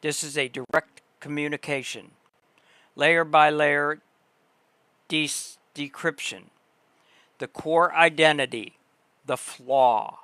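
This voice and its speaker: A man with a somewhat high voice reads a long passage aloud on his livestream. He goes slowly and deliberately, pausing between phrases. The sound is close and dry. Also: fairly even intonation, pushed and bright, clean tone, no echo. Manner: slow, deliberate reading with pauses and restarts. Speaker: livestream host. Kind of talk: reading text aloud on a livestream.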